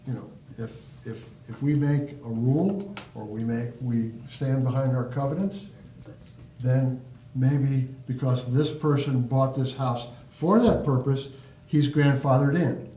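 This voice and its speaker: A man's voice: mid-range voice, fairly even intonation, measured pace, mellow, a little hiss or hum. A man sharing his opinion at a community board meeting, earnest and thinking aloud with restarts. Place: meeting room. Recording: echoey room, mic at a distance.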